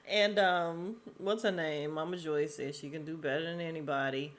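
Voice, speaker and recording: A woman's voice: low-pitched, steady tone, moderate pace, hardly any pauses. A woman hosting a podcast, recapping a reality show episode in a sassy, chatty way and laughing often. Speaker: podcast host.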